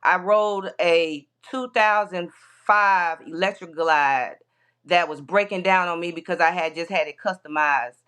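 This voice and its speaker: A woman's voice: fairly low pitch, a little slow, fairly bright tone, clear, resonant tone. A woman guest on a podcast telling a long road-trip story in a rambling way, with many restarts.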